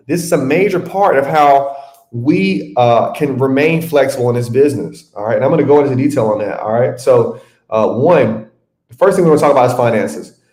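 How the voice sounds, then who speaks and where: A man's voice: mid-range voice, dark tone. A man hosting a live webinar as a mentor, chatting casually with viewers and calling them by name. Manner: chatty, addresses viewers by name, says y'all. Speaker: webinar host and adjusting mentor. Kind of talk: casual live-stream teaching. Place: home room. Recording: roomy live-stream audio.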